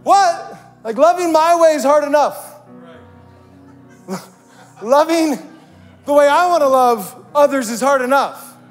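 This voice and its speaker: A male pastor preaching a sermon, swinging between impassioned shouts and a low, conversational tone. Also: a little slow, pauses often, in a large hall, soft background music. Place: church service with congregation.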